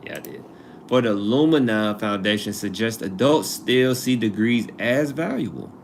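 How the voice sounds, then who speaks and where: A man with a fairly low voice hosts a casual live stream at a moderate pace, with a little hiss or hum present. His conversational style is loose; he wanders off topic and repeats himself to stress things.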